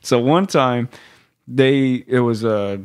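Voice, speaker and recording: A man's voice: medium pitch, takes it slowly, a little mellow, clean tone. A man co-hosting a podcast, telling stories with laughter and profanity in a casual way. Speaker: podcast co-host. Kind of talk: casual storytelling chat.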